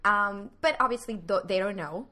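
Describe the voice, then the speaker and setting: A Puerto Rican woman with a Spanish accent, an improv actor, chats casually in a medium-pitched, sharp-toned voice. Her speech is halting, full of fillers, and she often restarts her sentences.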